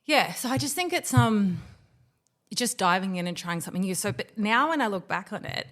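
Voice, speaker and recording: A woman's voice: mid-range voice, normal speed. A woman hosting a podcast in casual chat, telling stories dramatically and swearing now and then. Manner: animated, dramatic storyteller. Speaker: podcast host.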